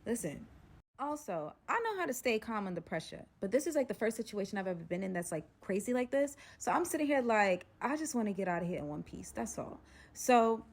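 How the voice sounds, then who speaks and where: A young woman telling a wild personal story in casual storytime style, slangy and dramatic, dropping to a hush and then rising again. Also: mid-range voice, big pitch swings, a little fast. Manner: dramatic and slangy, swings from hushed to loud.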